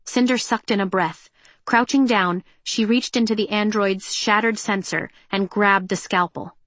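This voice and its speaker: A woman reading an audiobook in a measured, tense and expressive way. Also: mid-range voice, no echo. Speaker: narrator. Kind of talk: audiobook narration.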